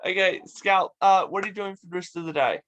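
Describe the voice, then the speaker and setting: A man's voice: sits high, a little fast. A young man, hosting a casual, easygoing interview chat. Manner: easygoing, relaxed, laid-back. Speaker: host.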